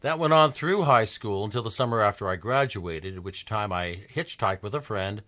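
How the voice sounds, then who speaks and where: A man in his seventies from New Mexico gives an anecdotal music lecture, telling stories with enthusiasm and halting restarts. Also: fairly low pitch, expressive, bright, forceful tone. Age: 70s. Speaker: lecturer and pianist-singer.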